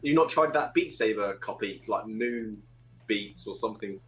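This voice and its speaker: A man's voice: lowish voice, animated, moderate pace, poor audio. Laid-back man, easy laugh. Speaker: podcast guest, VR YouTuber. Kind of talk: casual chat.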